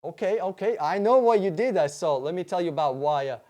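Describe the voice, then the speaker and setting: Profane excitable man hosting a livestream. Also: high-pitched, brisk. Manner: profane, excitable, rambling with restarts. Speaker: livestream host answering viewer questions. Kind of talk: casual livestream Q&A.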